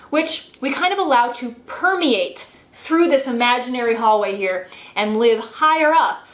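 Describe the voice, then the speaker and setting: A woman teaches a singing lesson in a chatty, upbeat way. Her voice sits on the higher side, and it carries a noticeable room echo. She often breaks into demonstration sounds mid-sentence. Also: expressive, normal speed, hardly any pauses. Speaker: vocal coach. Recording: roomy echo.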